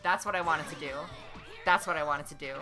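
Woman streamer, lowish voice, casual play-by-play chatter with curses, game music loud underneath. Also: brisk. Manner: talks to herself while playing, swears, swings from mutters to excited yelling. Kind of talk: casual gameplay commentary.

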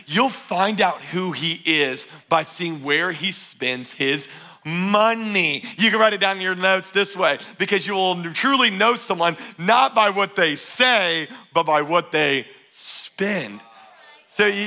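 A male pastor preaching a sermon in church, energetic and joking with his congregation. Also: sits high, moderate pace.

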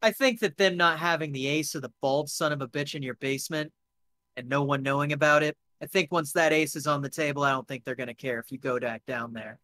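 Gruff blunt fixer dude, a game master voicing him, bright crisp voice, dry room. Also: male voice, on the high side, a little fast, no room sound. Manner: gruff, blunt, swears freely.

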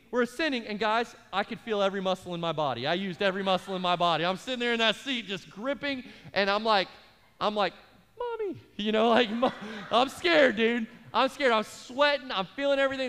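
A pastor preaching a sermon, telling a comic story with acted-out voices before turning calm and earnest. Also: male voice, sits high, fast, clear, resonant tone. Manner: animated storyteller, acts out voices, later calm and earnest in prayer. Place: large church auditorium. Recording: live church hall reverb with faint music.

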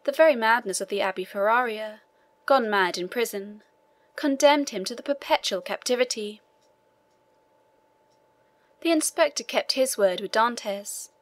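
A woman narrating a classic novel as an audiobook, reading in a steady, even way. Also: a little high, normal speed, no room sound.

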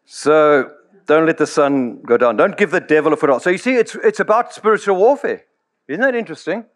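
A man's voice: a little high, expressive, a little fast. A middle-aged man, preaching a sermon in a storytelling way and acting out quoted voices. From South Africa. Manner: storytelling, acts out quoted voices, chuckles often. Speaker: pastor.

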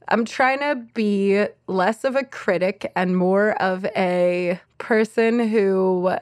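A woman's voice: mid-range voice, very slow, no room sound, clean studio sound. A woman co-hosting a podcast, chatting casually about a film with hesitant restarts and easy laughter. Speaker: podcast co-host. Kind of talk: casual film review chat.

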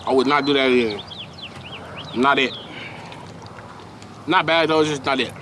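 A man's voice: mid-range voice, moderate pace, pushed and bright, a little hiss or hum. A young man doing a casual snack unboxing review, slangy and emphatic, often repeating himself.

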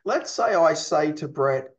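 A man's voice: on the high side, lively intonation, takes it slowly. A man teaching a counselling lesson in an explanatory way, often checking in with his listeners. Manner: explanatory, checks in with "you see?" and "okay?". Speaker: counselling instructor.

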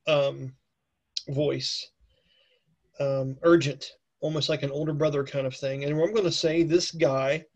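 A man with a cold narrating a tabletop game as game master in a chatty way. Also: on the high side. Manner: chatty, with many fillers and okays. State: has a cold.

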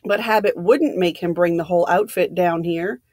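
A woman reading aloud the part of a gruff, distrustful middle-aged ex-police inspector in a novel, in a dry, close sound. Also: on the low side, moderate pace, darkish tone, dry recording, close to an everyday voice. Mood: suspicious.

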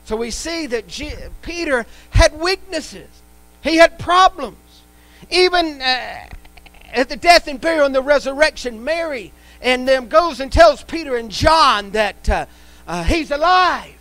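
A man's voice: extremely high pitch, animated, a little slow, bright, forceful tone, no room sound, low-quality recording. A man preaching a live church sermon, emphatic and repetitive, speaking in a church sanctuary. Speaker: pastor.

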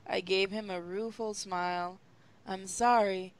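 Woman, dry sarcastic reading, mid pitch, keyboard clicks behind. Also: fairly even intonation, unhurried, heavy background noise. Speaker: reader. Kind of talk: comedic reading of fan fiction.

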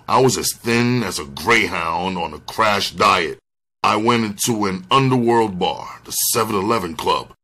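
A man reading a first-person memoir aloud, slow and deliberate. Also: lowish voice, bright, forceful tone. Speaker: audiobook reader.

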